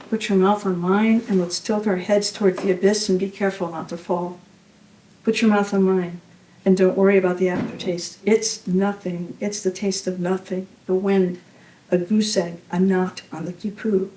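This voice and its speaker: A woman poet giving a poetry reading at a university venue, measured and intimate, often dropping to a hush. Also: medium pitch, reverberant, recorded from a distance, a little hiss or hum, low-quality recording.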